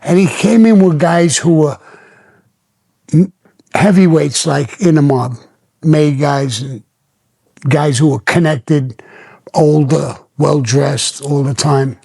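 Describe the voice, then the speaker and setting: On his storytelling podcast, this older host recounts his own experiences in a blunt, plain way, cursing freely. He speaks slowly and pauses often, in a somewhat high voice that is creaky, darkish, and slightly rough.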